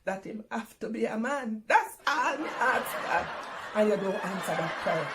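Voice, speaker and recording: A middle-aged woman with a Jamaican accent delivers a comic monologue in patois. She talks in a theatrical, exclaiming way, her voice sitting a little high. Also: lively intonation, moderate pace, a crowd in the background, noisy background. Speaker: comedy performer.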